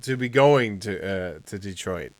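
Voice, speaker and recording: A man co-hosting a casual podcast, chatting lively and acting out scenes in quoted voices. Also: fairly low pitch, normal speed, no echo. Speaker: podcast co-host. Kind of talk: casual chat.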